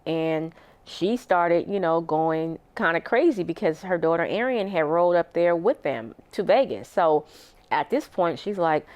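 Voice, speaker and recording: A woman's voice: fairly low pitch, expressive, a little slow, darkish tone, lo-fi sound. Woman telling a tense story. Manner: emotional, vivid retelling with acted-out quotes. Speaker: interview guest. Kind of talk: recounting a personal story.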